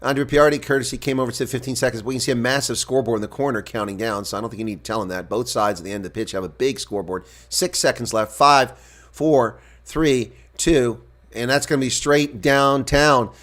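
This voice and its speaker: A man provides solo live play-by-play commentary on a rugby match, shifting from relaxed calls and chat with stream viewers to shouting excitement at big plays. His voice is medium-pitched and a little fast.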